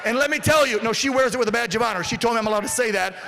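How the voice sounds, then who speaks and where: Brief: man, rally warm-up speaker, very high bright voice, crude and loud. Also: very fast, vocal fry, a little hiss or hum. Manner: brash, profane, shouting to a crowd. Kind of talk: fired-up rally speech.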